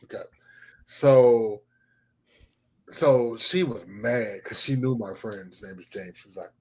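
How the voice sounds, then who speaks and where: A man chatting casually on a live talk show, telling animated stories and swearing freely. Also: mid-range voice, takes it slowly, gravelly, pauses often, rough recording. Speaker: panelist. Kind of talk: casual chat.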